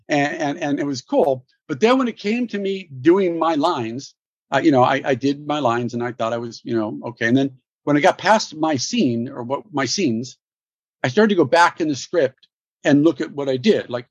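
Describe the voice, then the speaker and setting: A man, a guest actor, telling stories in an interview, animated and laughing, with many restarts. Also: a little high, moderate pace, no echo, highs cut off. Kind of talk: storytelling interview.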